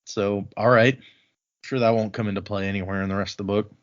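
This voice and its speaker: A man hosting a book podcast, casually recapping the chapters and acting out characters' lines in quick asides. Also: fairly low pitch, fairly even intonation, lo-fi sound. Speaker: podcast host. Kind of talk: casual book-club chat.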